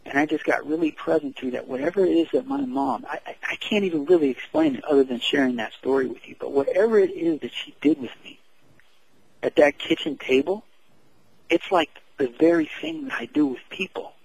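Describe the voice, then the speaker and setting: A man, an author and coach, earnestly telling a personal story in an interview, halting often and restarting his sentences. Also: fairly high pitch, sing-song, creaky, a little mellow, breathy edge, no room sound, low-quality recording.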